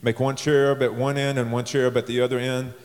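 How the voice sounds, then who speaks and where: A man's voice: mid-range voice, level tone, quick pace. A man, a pastor, preaching a sermon in a conversational storytelling way, his voice lifting when he stresses a point. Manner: conversational storytelling with rising emphasis. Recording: long reverb of a large hall.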